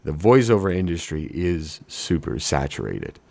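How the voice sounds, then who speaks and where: A young man, a wedding DJ, talking in a casual, jokey, mock-boastful way about his deep announcer voice. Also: big pitch swings, moderate pace, vocal fry, darkish tone, no echo. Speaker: wedding DJ and hobby voice actor. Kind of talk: casual self-mocking vlog talk.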